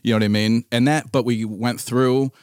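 A man in his thirties or forties hosting a podcast, telling a story in casual chat, animated and exasperated, laughing often. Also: medium pitch, normal speed, clear, resonant tone, dry recording, clean studio sound. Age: 30s to 40s. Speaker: podcast host.

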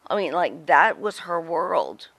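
A woman's voice: on the low side, big pitch swings, a little slow, a bit bright. A middle-aged woman, a guest on an interview show, telling stories bluntly and emphatically, with frequent swearing. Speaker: guest, former wrestling personality. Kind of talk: candid interview storytelling.

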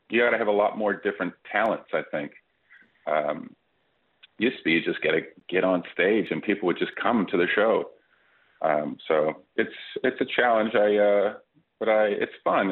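A man with a deep, early-morning grogginess talks haltingly over a thin, tinny phone line. He restarts his sentences often but slips in easy jokes. He sounds like a guest calling in to a radio show. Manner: halting, self-interrupting, joking. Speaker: comedian guest. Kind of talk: casual phone interview. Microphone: telephone.

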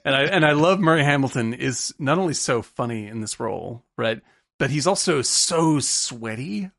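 Gravelly, lively podcast co-host man. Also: mid-range voice, no echo, clean studio sound. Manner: animated, acts out film characters in quick impressions, laughs often. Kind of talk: casual film discussion.

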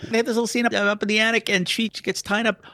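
A man hosting a casual movie-recap podcast, animated and joking and quick to laugh. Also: high-pitched, dry recording. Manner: animated, joking, laughs often, acts out quotes. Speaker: podcast host.

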